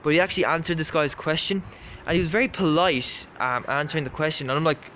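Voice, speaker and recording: A man's voice: fairly high pitch, steady tone, fast talker, sharp tone, slight background noise. An Irish man telling a rambling story to camera, casual and repetitive with lots of fillers. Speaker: vlogger.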